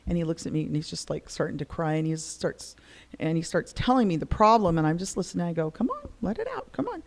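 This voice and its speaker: A middle-aged woman telling stories in a casual conversation, lively and acting out the voices she quotes. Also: sits low, fast. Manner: animated, acts out quoted voices. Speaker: guest discussing spirituality.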